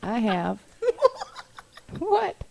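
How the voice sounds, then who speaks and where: A woman's voice: fairly high pitch, sing-song, extremely slow, vocal fry, warm tone, slight background noise. A young woman doing stand-up comedy bits, a bit tipsy and laughing through her lines. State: tipsy from whiskey.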